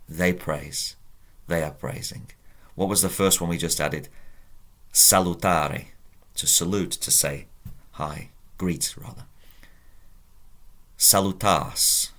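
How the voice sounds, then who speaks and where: Male Latin tutor, deep and unhurried, patient and encouraging, chants conjugations with a lift on the first form. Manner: patient, drills conjugations aloud with rising emphasis; encouraging, addresses viewers directly. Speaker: Latin teacher. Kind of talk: whiteboard lesson.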